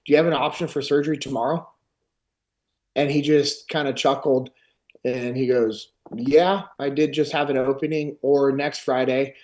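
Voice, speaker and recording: Man animatedly retelling a story. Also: medium pitch. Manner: animated retelling, acts out others' lines. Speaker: podcast host. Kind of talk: casual storytelling.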